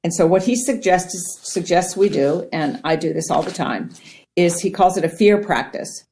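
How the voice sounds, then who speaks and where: Earnest, animated woman from Ohio, a guest teaching mindfulness, with a low, mellow voice. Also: normal speed. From Ohio, United States. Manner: earnest, animated, acts out quotes. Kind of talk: conversational teaching.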